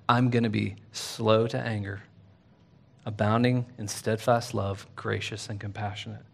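A preacher voicing a patient, gentle God. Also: male voice, on the low side, vocal fry. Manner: gentle, earnest, plainly spoken. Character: patient, compassionate God gently addressing a prophet.

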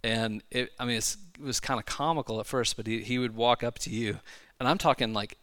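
A man preaching to a church congregation in a casual, conversational way, full of asides and quick restarts. His voice sits at an ordinary middle pitch. The sound is close and dry, with hardly any room echo. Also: fairly even intonation, a bit bright. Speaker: pastor. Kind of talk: sermon. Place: church sanctuary.

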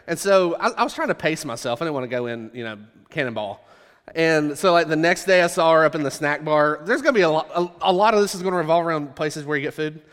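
A man's voice: fairly high pitch, fast, a bit bright. A man preaching a sermon, telling a humorous, self-deprecating story to his congregation. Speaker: pastor. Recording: echoey hall reverb.

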